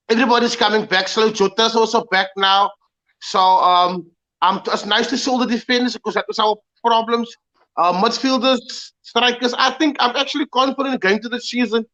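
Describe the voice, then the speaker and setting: Man, high bright voice, halting casual panelist, dull lo-fi sound. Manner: halting, repeats words, many fillers. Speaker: panelist, Liverpool supporter. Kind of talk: casual football chat. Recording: dull lo-fi audio.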